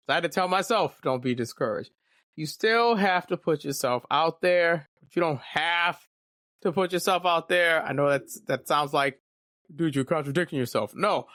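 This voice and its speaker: A man's voice: a little high, a bit bright, dry recording, clean studio sound. Candid, rambling young male podcaster. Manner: candid, rambling, joking asides. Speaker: podcast host. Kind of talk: casual solo podcast monologue.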